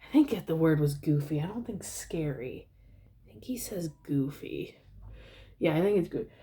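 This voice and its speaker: A woman's voice: low voice, lively intonation, normal speed, mellow. A woman casually retelling a movie scene in a rambling way, with many fillers and admissions that she is unsure of the details. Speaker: vlogger.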